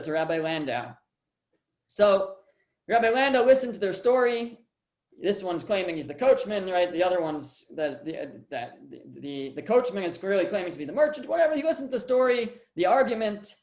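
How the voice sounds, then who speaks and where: A man, a rabbi, telling a story in a lecture, with halting speech and frequent restarts. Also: high voice, darkish tone. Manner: halting, many restarts and repeated words. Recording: echoey room.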